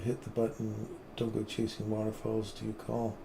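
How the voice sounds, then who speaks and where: A man hosting a casual livestream, once a paramedic, talking with earnest feeling and sometimes dropping his voice very low. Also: monotone, normal speed, gravelly, noisy background. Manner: earnest, emotional storytelling, drops to near-whisper at tender moments. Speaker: livestream trading host, former paramedic.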